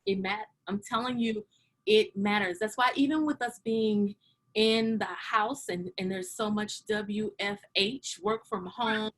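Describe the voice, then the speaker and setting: A woman's voice: mid-range voice, fairly even intonation, a little slow, fairly bright tone. A woman hosting an interview, talking in an emphatic, conversational way. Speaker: host. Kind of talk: casual interview chat.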